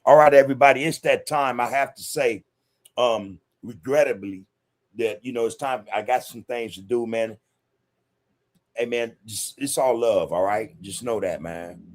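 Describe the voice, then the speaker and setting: A man's voice: mid-range voice, normal speed. A man hosting a casual livestream podcast and reading viewer comments. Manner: laid-back, laughs often, says "man" a lot. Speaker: podcast host reading live chat.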